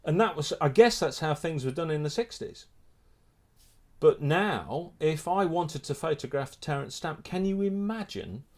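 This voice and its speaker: A middle-aged man, a photographer and filmmaker, telling a lively anecdote in a casual interview, restarting his sentences often. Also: on the high side, unhurried. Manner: animated storyteller, many restarts.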